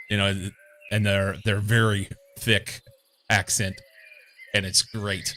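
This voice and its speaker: Young male streamer from Missouri; crisp, bright tone, a touch low, meandering chatty delivery. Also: slight background noise. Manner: rambling, meandering, many fillers. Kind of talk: casual chat while playing a game.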